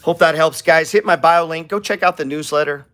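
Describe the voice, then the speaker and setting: A man's voice: on the high side, fairly quick, a bit bright. A middle-aged man hosting a casual stock trading talk to viewers, blunt and profane, rambling and getting heated. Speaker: stock trading channel host.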